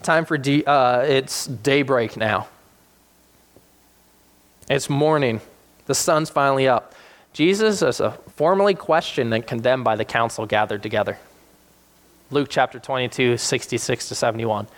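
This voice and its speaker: A man preaching a sermon, retelling scripture with animated acted-out voices for the people in the story. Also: a little slow, long pauses. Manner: animated, acts out quoted characters with sudden high-pitched voices. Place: South Jersey church.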